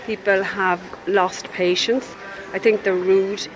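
A man with a high voice, chatting on the street with faint traffic behind. He gives his opinions readily. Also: flat delivery, slow, low-quality recording. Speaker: passer-by. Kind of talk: street vox pop.

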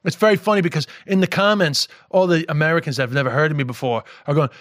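A man's voice: fairly high pitch, fast talker, dry recording, clean studio sound. A middle-aged man with a mixed New York and Irish accent, a comedian chatting on a podcast, swearing freely and laughing as he tells stories. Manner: animated storyteller, swears freely, laughs while talking. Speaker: comedian guest. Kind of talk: casual podcast chat.

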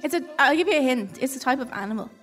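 A woman's voice: sits high, expressive, rapid-fire, fairly bright tone, soft background music. A young woman co-hosting a live stage show, giggly and self-deprecating as she quizzes a guest. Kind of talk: live stage banter with audience. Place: stage in front of a live audience. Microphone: handheld stage mic.

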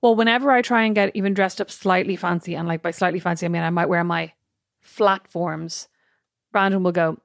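Fast-talking Irish woman telling stories. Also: on the low side, gravelly, dry recording, studio quality. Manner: animated storyteller, exasperated asides. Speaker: podcast co-host. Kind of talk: casual chat.

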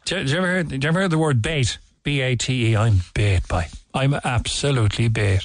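A man with a Cork Irish accent hosting a radio chat, talking in a halting way. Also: mid-range voice, no echo. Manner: halting, many fillers and restarts. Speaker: radio host. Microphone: studio mic.

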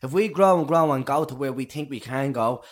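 Brisk Irish podcast co-host. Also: male voice, mid-range voice. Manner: earnest, swears bluntly. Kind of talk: casual podcast chat.

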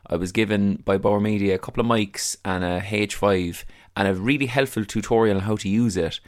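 An Irish man hosting a podcast, talking in a loose, self-mocking ramble with plenty of swearing. His voice sits a little on the low side. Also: fairly quick. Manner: chatty, self-deprecating, swears freely. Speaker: podcast host. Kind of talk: casual podcast intro and interview.

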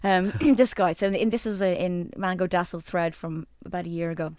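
A woman, co-hosting a podcast in casual chat, animated and quick to laugh. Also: fairly low pitch, clean tone, no room sound, studio quality. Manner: animated, reads aloud with laughs. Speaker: podcast co-host.

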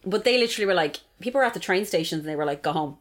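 A woman's voice: fairly low pitch, expressive, very fast. A woman, co-hosting a casual podcast chat, sarcastic and sweary, often mimicking people. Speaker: podcast co-host.

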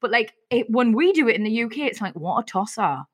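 A Geordie woman tells stories with no filter, slightly high-voiced and animated, sprinkling "like" everywhere. She speaks frankly and casually as a podcast guest. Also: fast. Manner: frank, animated, says "like" a lot. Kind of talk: casual storytelling chat.

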